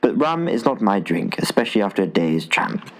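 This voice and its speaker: A man reading a travel essay aloud as an audiobook narrator, in an expressive style with dry humor. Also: fairly low pitch, a little fast, low-quality recording. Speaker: audiobook reader. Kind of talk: scripted narration.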